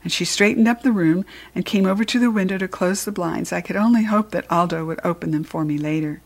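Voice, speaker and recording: A woman narrating a children's storybook in the first person with an expressive read-aloud delivery. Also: lowish voice, brisk. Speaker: storybook reader.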